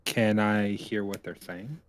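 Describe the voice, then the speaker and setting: A man's voice: lowish voice, steady tone, unhurried, no room sound. A man playing in a tabletop game, casual and joking. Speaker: player.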